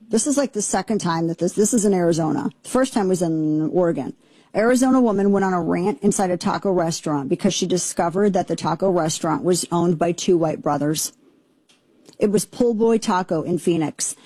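A woman hosts a talk radio show in a low, mellow, slightly husky voice. She rambles in an indignant, sarcastic tone. The sound is dry and close on a studio microphone. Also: dry recording. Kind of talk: opinionated talk radio monologue.

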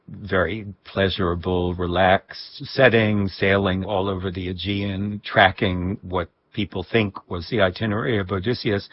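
A man recalling personal memories in a reflective interview, with a husky voice and soft laughs. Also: on the low side, dry recording, muffled recording. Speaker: guest. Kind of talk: reflective storytelling.

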